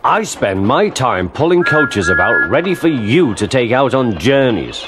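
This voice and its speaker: A man's voice: mid-range voice, measured pace. A man voicing an impatient little tank engine. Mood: eager. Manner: fussy, excitable. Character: small eager young male tank engine, impatient and boastful. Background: background music.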